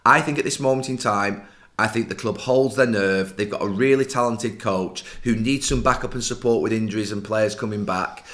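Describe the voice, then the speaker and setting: A middle-aged man with a fairly low voice, talking football on a podcast. He lays out tactics at length in a firm, emphatic way, sure of his opinions. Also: moderate pace, a bit bright. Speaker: podcast co-host, football pundit. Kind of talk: casual football discussion.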